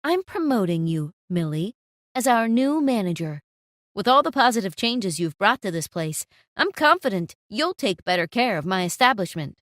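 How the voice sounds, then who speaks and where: A woman's voice: mid-range voice, very animated, normal speed, a bit bright, dry recording, studio quality. A woman voicing a stern, authoritative male cafe owner who scolds his manager, in a storytime narration. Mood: firm.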